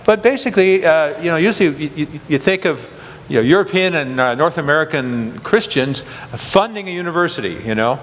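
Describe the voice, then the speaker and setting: A man's voice: a little high, animated, a little fast, a bit bright, long reverb tail, slight background noise. A man interviewing a chapel guest, talking in a rambling way with many restarts and chuckles. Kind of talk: casual interview chat.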